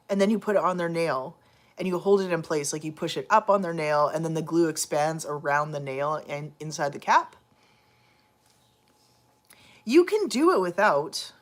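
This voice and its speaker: A woman vlogging casually at home, chatting with viewers and talking to her cats. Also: on the low side. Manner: chatty, talks to her cats, many fillers. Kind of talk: casual chat to camera and viewers.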